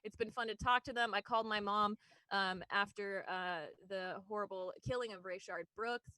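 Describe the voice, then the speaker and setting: A woman's voice: medium pitch, fairly even intonation, moderate pace, bright, forceful tone, dry recording, low-quality recording. A woman doing a stand-up comedy set, rambling and self-deprecating with lots of fillers and little laughs. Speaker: stand-up comic.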